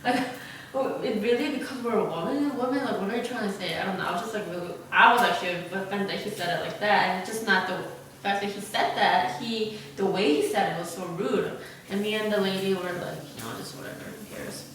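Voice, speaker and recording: A woman's voice: mid-range voice, fairly quick, distant mic. A young woman vlogger telling a casual story while eating, rambling with lots of "like" and "you know" fillers. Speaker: mukbang vlogger. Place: large, sparsely furnished new apartment room. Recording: very echoey room, voice off-mic, faint hiss.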